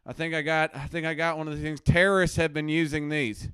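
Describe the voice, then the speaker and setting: A man playing a preachy, self-righteous male anti-drug crusader doctor on a comedy live stream from his basement, ranting between low mutters and loud outbursts. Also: little pitch movement, a little fast, clear, resonant tone, dry recording, studio quality, natural voice. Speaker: host. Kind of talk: satirical live-stream rant. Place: home basement.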